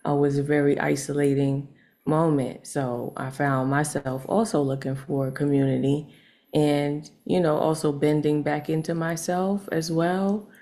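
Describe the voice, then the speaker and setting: A woman poet answering interview questions in a relaxed, reflective way, with frequent fillers. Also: low voice, measured pace. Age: adult. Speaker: poet and open mic host.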